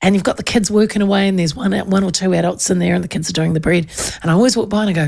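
A woman's voice: lowish voice, sing-song, fast, gravelly, a little mellow. A woman, hosting a radio show in casual, rambling chat. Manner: chatty, rambling storytelling with many restarts. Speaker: radio host.

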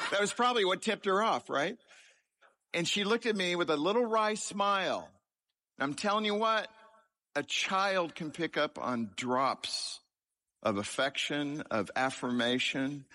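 Male preacher doing a testimony. Bright tone, highly expressive delivery, self-deprecating humour. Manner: humorous, self-deprecating storytelling. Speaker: speaker sharing his life story. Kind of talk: testimony sermon.

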